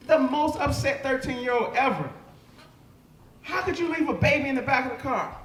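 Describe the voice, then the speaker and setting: A young man performing stand-up on a comedy club stage, telling profane stories loudly and shouting his punchlines. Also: very high voice, fairly quick, slight background noise. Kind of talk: live stand-up set. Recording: echoey live club room.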